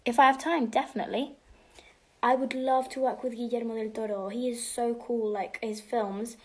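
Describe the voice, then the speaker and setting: A woman's voice: on the high side, steady tone, normal speed. A teenage girl casually answering fan questions on a livestream, chatty and bubbly, slipping between English and Spanish and often dropping to a whisper. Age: teens.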